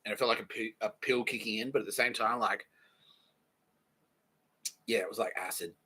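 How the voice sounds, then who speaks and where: A man hosting a podcast, telling a rambling comedic story in a loose, profane way and slipping into quick voices for the people in it. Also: fairly low pitch, bright, forceful tone, slightly rough. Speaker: podcast host.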